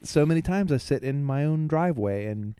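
A man co-hosts a relaxed podcast, telling funny stories in a voice that swoops up and down, laughing often and acting out his own yelling. The sound is dry and close, with no room behind him. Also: a little high, brisk, clear, resonant tone, no echo. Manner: animated storyteller, laughs often, acts out yelling at devices. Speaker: podcast co-host. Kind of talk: casual chat.

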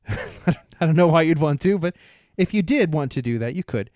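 A man co-hosting a podcast, telling a rambling story in casual chat, halting often, laughing, and imitating bystanders' voices. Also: fairly high pitch, expressive, darkish tone, no room sound, studio quality. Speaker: podcast co-host.

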